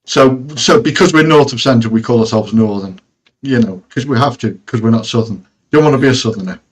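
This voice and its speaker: A man with a Midlands English accent chats as a guest in a mid-pitched voice. He talks in a laid-back way, with dry jokes and easy chuckles. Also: fairly quick. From Stoke-on-Trent, England. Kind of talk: casual chat.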